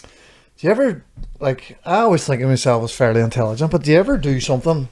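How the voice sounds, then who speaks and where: A man's voice: mid-range voice, animated, fast talker, a little mellow. Man, Northern Irish accent, podcast co-host, casual storytelling, lots of swearing. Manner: swears freely, rambling anecdotes with laughs.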